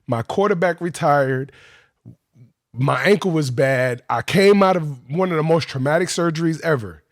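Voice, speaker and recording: A man telling his football career story on a podcast, animated, profane and slangy. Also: a little high, moderate pace, no room sound, clean studio sound.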